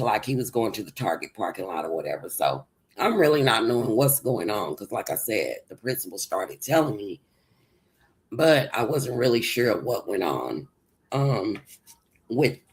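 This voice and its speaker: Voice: medium pitch, poor audio. A livestream host telling a personal story, rambling and circling back with many restarts.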